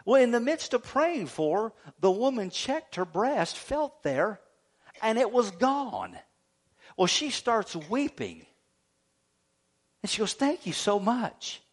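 A man's voice: sits high, very animated, takes it slowly, pauses often. A man preaching a sermon as pastor, telling a story, acting out the voices of the people in it and calling for amens.

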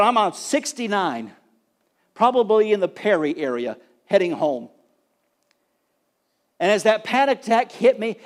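A man preaching a sermon as pastor, telling personal stories in a fervent, informal way. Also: sits high. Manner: storytelling, fervent, informal with fillers.

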